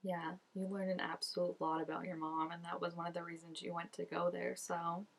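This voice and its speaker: A woman's voice: on the low side, monotone, fairly quick, vocal fry. Chatty young woman reacting to a show. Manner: chatty and emotional, talks back to the screen. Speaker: reaction video host. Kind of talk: casual reaction commentary.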